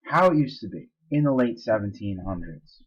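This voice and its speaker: Casual low-voiced male teacher. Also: expressive, moderate pace, husky, lo-fi sound. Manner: casual, explanatory, with fillers and asides. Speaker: social studies teacher. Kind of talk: recorded lecture.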